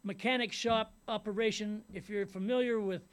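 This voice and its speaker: A man's voice: high voice, fairly even intonation, moderate pace, clean tone. A middle-aged man from Ventura County, California, giving a personal testimony as a rambling storyteller who repeats himself and keeps saying "you know what I mean". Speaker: speaker sharing his recovery story.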